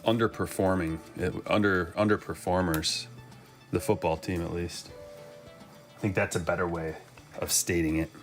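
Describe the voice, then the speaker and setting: Low-voiced man chatting through a card break. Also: steady tone, normal speed, soft background music. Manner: chatty, joking asides while opening packs. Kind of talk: casual live-stream commentary.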